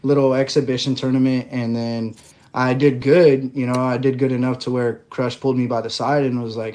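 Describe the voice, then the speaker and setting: A man guesting on a podcast, telling his story in a relaxed way with lots of fillers. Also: medium pitch, normal speed. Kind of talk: casual interview chat.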